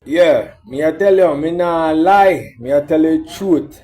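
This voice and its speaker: A man's voice: a little high, a little slow, mellow. A man from Kenya talking to the camera in casual, earnest patois, repeating himself for emphasis. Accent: Kenyan speaking learned Jamaican patois. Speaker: social media commenter. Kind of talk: casual direct-to-camera talk.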